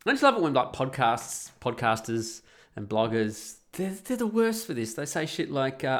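A man's voice: mid-range voice, very animated, normal speed, fairly bright tone. A man hosting a solo podcast, talking in a blunt, sweary, sarcastic way. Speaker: podcast host.

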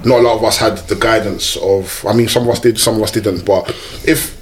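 A man's voice: lowish voice, steady tone, a little fast, a little hiss or hum. A British man, chatting animatedly in a podcast and acting out quotes as he laughs. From Britain. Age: 20s. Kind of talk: casual chat. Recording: echoey room.

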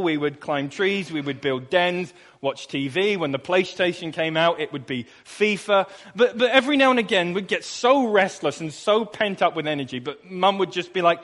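A man's voice: sits high, fairly bright tone. A young man preaching a sermon in a conversational way, asking rhetorical questions and repeating phrases for emphasis. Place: church. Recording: long reverb of a church hall.

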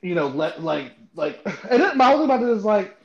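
A man hosting a podcast in casual chat, animated and emphatic. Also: high-pitched, brisk, gravelly. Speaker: podcast host. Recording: roomy, muffled lo-fi sound.

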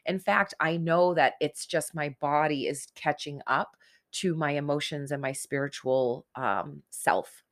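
Addressing her listeners directly, a woman in her forties delivers an earnest, conversational motivational talk about self-help. Her voice sits low and she speaks unhurriedly.

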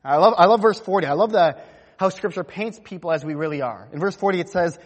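A man's voice: sits high, quick pace, husky, in a large hall. A man preaching a sermon, telling the story vividly and acting out the quotes. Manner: animated storytelling, acts out quotes. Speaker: pastor.

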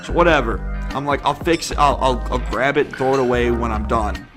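A man's voice: mid-range voice, brisk, music in the background. A young man telling a rambling, profane story on a casual podcast, sounding exasperated. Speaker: podcast host.

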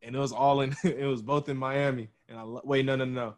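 A man's voice: mid-range voice, fairly even intonation, brisk. A man co-hosting a podcast, chatting casually in slang, laughing often and joking animatedly with a friend. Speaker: podcast co-host.

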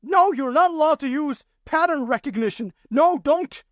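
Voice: sits high, lively intonation, moderate pace, no echo, dull audio. A podcast host delivering a solo commentary monologue, indignant and sarcastic, firing off rhetorical questions. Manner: sarcastic mockery.

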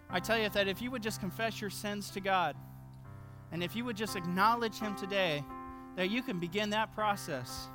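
A man's voice: sits high, moderate pace, music in the background. A man preaching a sermon as pastor to his congregation, earnest, repeating key phrases with light laughs. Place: church with congregation.

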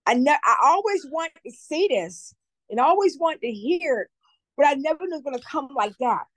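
Woman, high voice, earnest, emotional, repetitive, dry studio sound. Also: expressive, brisk, no echo, rough recording. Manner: earnest, heartfelt, repeats herself. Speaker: community advocate guest. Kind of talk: emotional testimony in an interview.

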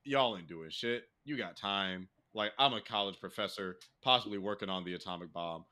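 A young man co-hosting a podcast in casual, animated chat, acting out quotes with exaggerated voices. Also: fairly low pitch, moderate pace. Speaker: podcast co-host.

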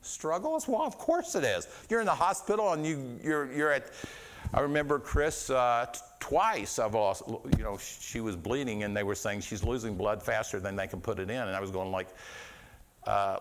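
A man's voice: a little high, expressive, moderate pace. Earnest man preaching a sermon. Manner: earnest, repeats words and restarts, swings between quiet and raised voice. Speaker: pastor.

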